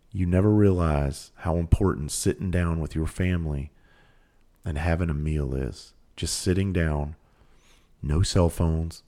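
A man's voice: very deep voice, mellow. A middle-aged man with a Southern country accent, a podcast host giving a blunt, profane motivational monologue full of rhetorical questions.

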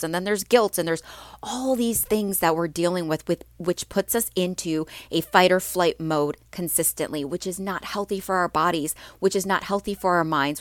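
A woman's voice: on the low side, a bit bright, no room sound, studio quality. Chatty woman podcaster, slightly stuffy. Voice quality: slightly stuffy, clearing her throat. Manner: upbeat, chatty, many ums and restarts. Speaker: podcast host and mindset coach. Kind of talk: casual solo podcast talk.

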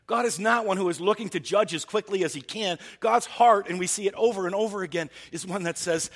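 A man's voice: high-pitched, a little fast, hardly any pauses, fairly bright tone, husky, long reverb tail. A man preaching a sermon as pastor, earnest and thinking aloud, often restarting his sentences.

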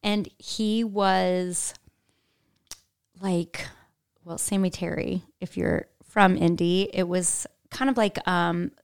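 A woman's voice: fairly low pitch, fairly even intonation, slow, gravelly, smooth. A talkative woman from Indiana sits as a podcast guest, rambling through her stories. Her speech is full of "like" and other fillers. She laughs often. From Indiana, USA. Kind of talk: casual interview chat.

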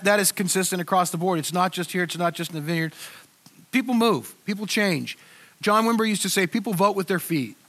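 High-voiced older male pastor, conversational. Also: sharp tone. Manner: conversational, halting with many restarts. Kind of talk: sermon.

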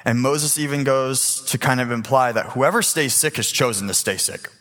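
An eighteen-year-old man preaching a sermon in a church sanctuary, casual and animated, slipping into voices as he tells the story. His pitch sits in the middle range, and a long hall reverb trails each phrase. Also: moderate pace. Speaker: youth preacher.

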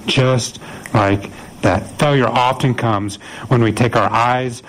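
A man preaching a sermon, retelling scripture as a lively story and acting out the voices of the people in it. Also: mid-range voice, slow, a little hiss or hum, low-quality recording. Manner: animated storytelling, acts out quoted voices. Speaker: pastor.

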